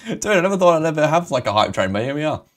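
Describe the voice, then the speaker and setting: Casting: male game streamer, live chat energy, swears freely, lively voice that swings up and down, gets emotional easily. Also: on the high side, rapid-fire. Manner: excitable, swearing, emotional, laughing often.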